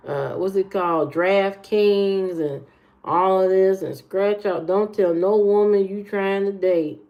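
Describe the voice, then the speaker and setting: Slow-talking blunt woman livestreamer, muffled audio. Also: mid-range voice. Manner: blunt, opinionated dating advice, drawn-out speech. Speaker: livestream host. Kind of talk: casual live chat reacting to viewers.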